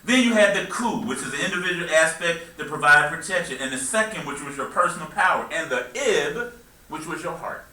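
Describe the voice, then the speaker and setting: Male minister, high and bright, teaching sermon with call-and-response, roomy distant recording. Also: a little fast. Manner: call-and-response preaching, joking, animated. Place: worship hall with congregation. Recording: echoey room, taped from afar.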